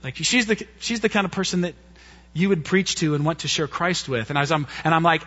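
A man preaching, telling a personal story in an animated way and acting out the quotes. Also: fairly high pitch, brisk. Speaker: pastor. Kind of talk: sermon storytelling. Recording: dull muffled lo-fi sound.

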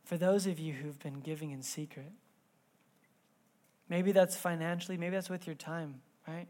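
Conversational pastor telling a family story. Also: male voice, fairly high pitch, moderate pace. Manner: conversational storytelling, lively swings between soft and loud. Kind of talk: sermon.

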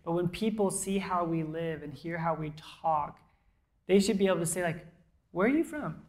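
A woman pastor preaching a sermon to a congregation in a church, conversational and emphatic, with soft, quiet asides. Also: fairly low pitch, steady tone, normal speed. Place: church auditorium before a congregation.

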